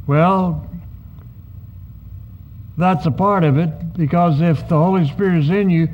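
A man preaching a sermon as pastor, teaching in a measured, emphatic way and acting out short quoted asides. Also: fairly high pitch, muffled recording, a little hiss or hum.

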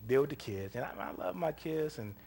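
Fairly quick and husky, this man's rather high-pitched voice carries a sermon built around personal stories. He tells them in a folksy, chatty way, animatedly voicing the dialogue and frequently laughing.

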